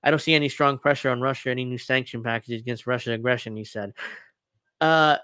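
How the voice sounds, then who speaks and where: A man's voice: medium pitch, steady tone, fast talker, bright, forceful tone, clear, resonant tone, no echo. A man hosting a casual political commentary show, reading news articles aloud and riffing on them sarcastically. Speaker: podcast host.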